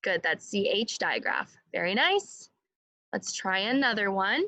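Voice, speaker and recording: A woman teaching a phonics lesson to young children, speaking slowly and clearly and modeling sounds for the class to repeat. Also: mid-range voice, very animated, pushed and bright, no echo.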